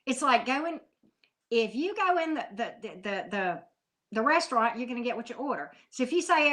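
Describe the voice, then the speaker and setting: A woman's voice: fairly high pitch, lively intonation, fairly quick, fairly bright tone. A woman tarot reader giving a frank, profane tough-love talk about manifesting, scolding her listeners bluntly. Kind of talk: blunt spiritual pep talk.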